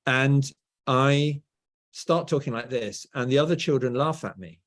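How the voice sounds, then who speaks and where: This guest author, a middle-aged man from England, speaks at a measured pace in a mid-range voice. In a conversational interview he tells stories in a standard southern English accent of the BBC kind, often adding "right?" to his points.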